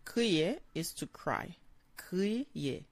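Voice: medium pitch, expressive, slow pace, fairly bright tone, dry recording. A language teacher giving a short vocabulary lesson, saying each word several times and then translating it.

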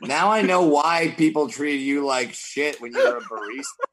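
A man's voice: on the high side, animated, moderate pace, fairly bright tone. A man on a casual comedy podcast, teasing the host with crude jokes.

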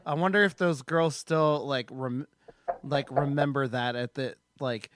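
A man's voice: medium pitch, fairly even intonation, a little slow, noisy background. A man hosting a podcast, chatting casually, laughing along and swearing freely. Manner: laid-back, laughs along, profane. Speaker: podcast host. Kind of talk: casual chat.

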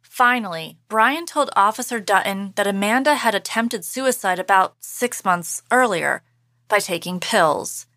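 A woman hosting a podcast, giving measured, scripted true-crime narration. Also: medium pitch, lively intonation, pushed and bright, dry recording, studio quality.

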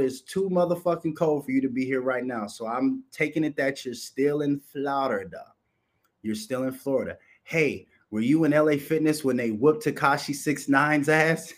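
A man hosting a live stream and talking to his chat in a brash, boastful, profane way, laughing often. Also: on the high side. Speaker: livestream host.

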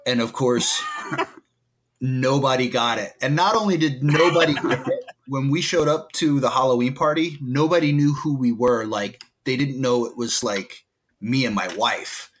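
A man's voice: medium pitch, unhurried, fairly bright tone, slight background noise. A man chatting casually on a podcast, telling stories in an easygoing way and laughing as he talks. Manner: easygoing storyteller, laughs while talking. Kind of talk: casual movie discussion.

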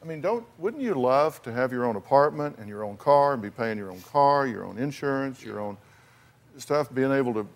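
A man's voice: mid-range voice, animated, moderate pace. A man hosting a talk show who counsels his guests bluntly, speaking emphatically, repeating his words and using folksy phrases. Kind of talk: confrontational on-stage counseling.

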